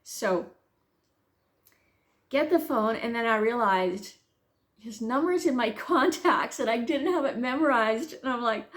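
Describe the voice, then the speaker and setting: This middle-aged woman teaches from the Bible through a personal anecdote, vividly acting out what she was thinking, and ends with warm, earnest encouragement. She speaks a little slowly at a fairly high pitch.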